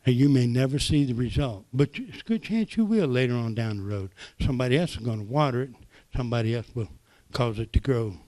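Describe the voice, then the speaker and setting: An older man preaching, telling folksy stories that swing from soft asides to loud exclamations. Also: mid-range voice, lively intonation, a little fast, hardly any pauses. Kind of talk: sermon testimony.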